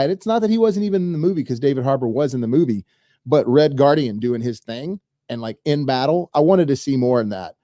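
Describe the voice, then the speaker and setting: Casting note: man, solo movie-news host, mellow dark tone, dry close sound, rambling and eager. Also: medium pitch, no room sound. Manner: rambling, enthusiastic, talks straight to viewers. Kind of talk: casual solo commentary.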